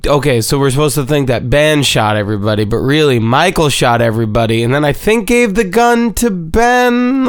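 A man's voice: mid-range voice, clean tone, no room sound, clean studio sound. A man giving a casual, rambling episode recap, full of swearing and playful repetition.

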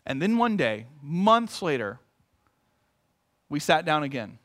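A man preaching a sermon as pastor, telling a story in an earnest manner with long measured pauses. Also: a little high, big pitch swings, fairly bright tone.

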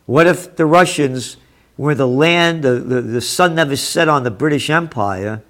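A man's voice: medium pitch, unhurried. Sarcastic man ranting over headlines. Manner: sarcastic, profane, grows heated and loud. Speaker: host. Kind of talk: reading and ranting about news headlines.

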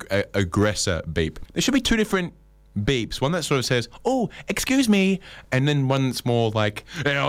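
Rambling Australian man, dry-voiced comic. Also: no echo. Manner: rambling, wry, slips into high-pitched impressions of others. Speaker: comedian. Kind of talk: stand-up monologue.

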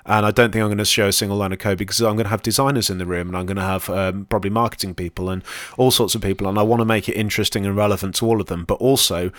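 A man who co-hosts a podcast and speaks at conferences chats casually, rambling with plenty of ums and self-deprecating asides. His voice is fairly low, captured dry with clean studio sound.

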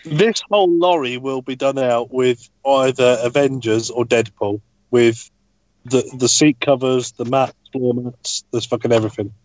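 A man's voice: mid-range voice, fairly even intonation, a little slow, darkish tone, no room sound. A man chatting casually on a podcast from his parked lorry cab, blunt and sweary, over a video call. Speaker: podcast co-host. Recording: dry, muffled call audio.

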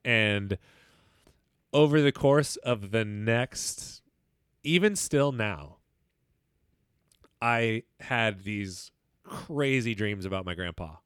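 A man's voice: lowish voice, takes it slowly, pauses often, a bit bright, clean tone, no echo, clean studio sound. A young man co-hosting a podcast, telling a personal story in loose, candid chat full of swearing and restarts. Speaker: podcast co-host.

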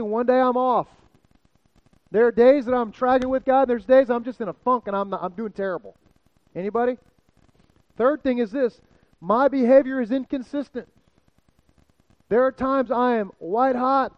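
A man's voice: very high voice, moderate pace, dry recording, muffled recording. A man preaching a sermon and calling out to his congregation for responses. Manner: energetic, calls out to the congregation. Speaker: pastor.

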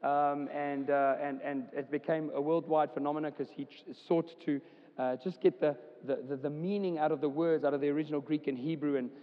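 A man's voice: a little high, steady tone, brisk. A man, preaching a casual, chatty sermon as a church pastor, with many fillers. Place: church hall. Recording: dull sound with long hall reverb.

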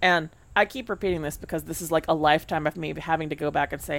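A woman's voice: low voice, quick pace, vocal fry, no room sound. A woman co-hosting a podcast in casual chat, wry with profane asides. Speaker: podcast co-host.

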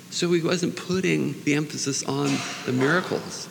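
A man preaching in an unhurried, earnest, informal way, mixing Bible readings with personal prayer. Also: fairly high pitch, vocal fry. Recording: long reverb, faint background noise.

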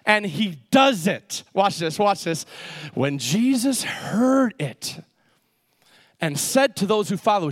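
A man with a very high voice, preaching a lively sermon. He has the congregation repeat his words after him and keeps breaking off into quick asides. The sound is dry and close. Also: dry recording. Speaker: pastor.

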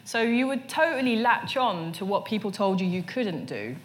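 A woman's voice: medium pitch, lively intonation, normal speed. A woman, speaking as the guest in a casual onstage conversation and telling stories with lots of "you know" fillers. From England. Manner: storytelling, many "you know" fillers and restarts. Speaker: artist, interview guest. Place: stage before a live audience.

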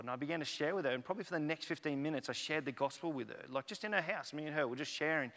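Male pastor, sermon storyteller, slightly high voice, lively, echoey hall. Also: rapid-fire. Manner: animated storyteller acting out dialogue. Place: church.

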